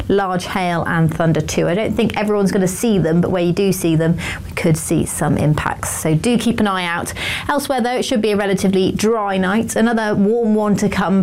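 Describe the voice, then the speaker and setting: A British woman presenting a scripted weather forecast in a smooth, steady, informative way. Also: medium pitch, slight background noise.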